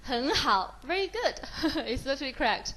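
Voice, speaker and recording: Female Mandarin tutor, Chinese accent, higher voice, patient and encouraging, switches between English and Mandarin. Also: big pitch swings, normal speed, sharp tone, a little hiss or hum, low-quality recording. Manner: mixes English with Mandarin, praises often. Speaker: Mandarin teacher. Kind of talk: slow, encouraging beginner lesson.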